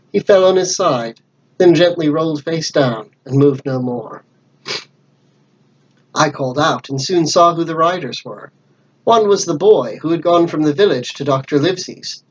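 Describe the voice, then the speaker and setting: A man reading a classic adventure book aloud as storyteller, with lively character voices. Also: a little high, muffled recording.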